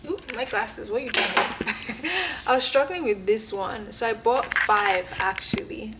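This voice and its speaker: A young woman vlogs casually from inside her apartment, talking into her camera in a candid, self-reflective way and laughing often. Her voice is fairly high and a little slow, with heavy background noise and a roomy indoor echo.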